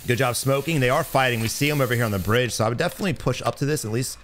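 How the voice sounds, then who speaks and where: A man's voice: mid-range voice, very fast, a little hiss or hum. Blunt, foul-mouthed young man commentating. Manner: blunt, profane, teasing; bursts of loud excitement. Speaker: gaming streamer. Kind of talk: gameplay commentary.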